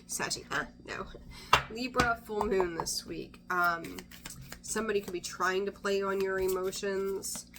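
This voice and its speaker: A woman's voice: mid-range voice, moderate pace, vocal fry. A woman giving a casual weekly tarot reading, chatty and blunt, swearing freely and often trailing off to restart her sentences. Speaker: tarot reader.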